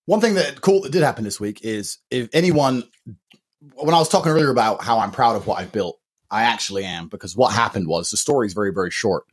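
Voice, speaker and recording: A man's voice: lowish voice, expressive, quick pace, breathy edge. A man co-hosting a podcast in brash, bragging, hyped banter, cursing freely. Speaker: podcast co-host. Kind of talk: casual boastful podcast banter.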